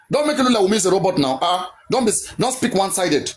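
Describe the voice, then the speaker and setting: A man's voice: high-pitched, very animated, fast, poor audio. A man arguing in a heated online debate. He keeps insisting, repeats himself and demands to be heard. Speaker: debate participant.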